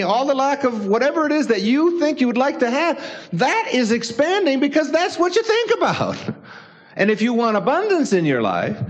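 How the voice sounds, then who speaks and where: A man, an author, giving a casual motivational talk, chuckling often and acting out little dialogues. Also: very high-pitched. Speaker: author and speaker. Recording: dull lo-fi recording.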